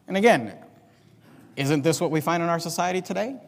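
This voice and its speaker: High-voiced preacher in a reverberant hall. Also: male voice, lively intonation, fairly quick, long pauses. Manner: impassioned, swings between loud emphasis and quiet asides. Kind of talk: sermon. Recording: long reverb of a large hall.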